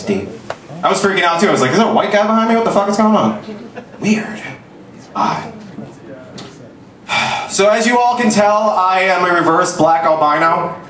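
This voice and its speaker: A man in his twenties doing a stand-up comedy set, self-mocking and punchy, dropping into low asides. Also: a bit bright, recorded from a distance. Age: 20s. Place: comedy club stage. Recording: echoey club recorded from afar.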